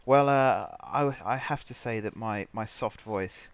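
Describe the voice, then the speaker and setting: A man in an online game chat, pitching himself in a mock-formal, job-applicant manner. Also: a little slow, gravelly, clean tone. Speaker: player in an online party game. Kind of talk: casual chat over voice call.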